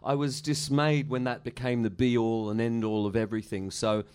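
A man's voice: medium pitch, flat delivery, normal speed, a little mellow, smooth. A middle-aged musician telling rambling, profane stories in a casual interview, laughing at his own anecdotes. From Australia. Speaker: musician guest.

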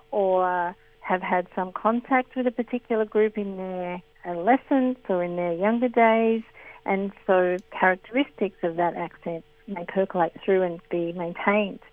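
A woman linguistics expert explaining calmly and thoughtfully. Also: mid-range voice, no echo. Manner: measured, explanatory. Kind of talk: expert interview. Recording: tinny phone line.

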